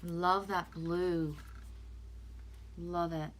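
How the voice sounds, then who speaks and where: A woman's voice: on the low side, level tone, extremely slow, slight background noise. A woman whose first language is French, casually chatting with viewers and reading oracle cards aloud in a live stream. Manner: chatty, loose, talks back to viewers' comments. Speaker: oracle card reader.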